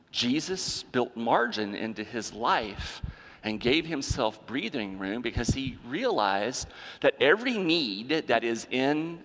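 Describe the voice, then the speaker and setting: A man's voice: medium pitch, a bit bright. A male pastor preaching a sermon, driving points home with repetition and rhetorical questions. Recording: long hall reverb.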